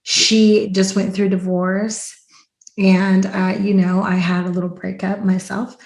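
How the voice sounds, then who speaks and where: A woman hosting a podcast in casual chat, telling stories in an animated way and acting out quotes loudly. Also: medium pitch, unhurried. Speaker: podcast host. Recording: roomy echo.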